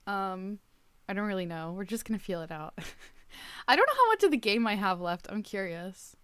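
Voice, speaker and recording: A woman's voice: medium pitch, very animated, normal speed, clear, resonant tone, dry recording. A woman streaming a game, chatting casually and playfully with her chat and laughing often. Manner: playful and giggly, greets chat warmly. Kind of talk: casual live-stream chat while gaming.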